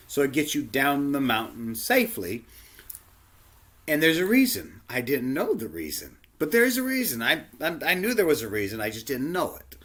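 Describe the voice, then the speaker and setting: A man preaching a sermon, telling a personal story and acting out the dialogue in it. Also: husky. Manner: animated, acts out dialogue with big pitch jumps. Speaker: pastor.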